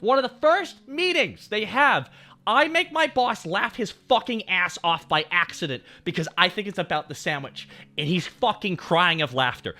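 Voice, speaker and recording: A man streamer casually telling a long, profane story to his viewers, swinging between low muttering and shouting. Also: animated, normal speed. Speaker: VTuber streamer.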